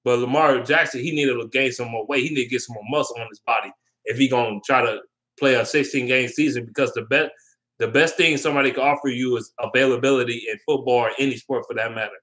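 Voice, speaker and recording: Bright-voiced man rambling about sports. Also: medium pitch, fairly even intonation, fast. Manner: rambling and opinionated, with loose slang and frequent ums. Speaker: sports vlogger. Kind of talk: casual sports talk.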